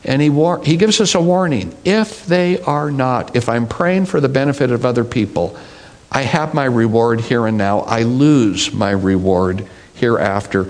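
A middle-aged man preaching a sermon, teaching in an unhurried, deliberate way. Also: mid-range voice, a little mellow. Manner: slow, deliberate preaching with mimicked voices. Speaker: pastor.

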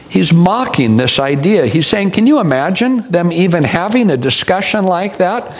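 A man's voice: high-pitched, sing-song, moderate pace, hardly any pauses, low-quality recording. A male pastor preaching a sermon, telling stories with wry humorous asides.

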